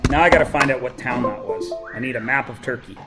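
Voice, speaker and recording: A man teaching a class in casual talk, joking and telling animated stories to his students. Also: medium pitch, fast talker, reverberant, loud music behind the voice, poor audio.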